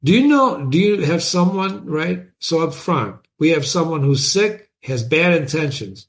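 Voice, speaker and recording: A man hosting a book lesson, explaining in an animated way and asking his listeners many rhetorical questions. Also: a little high, a little slow, few pauses. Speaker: literature teacher and host.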